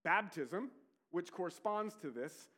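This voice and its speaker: A man's voice: high voice, lively intonation, measured pace. A man preaching a sermon as pastor, earnest and emphatic, with conversational asides and rhetorical questions. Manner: earnest preaching, rising to emphatic peaks and dropping to quiet intensity.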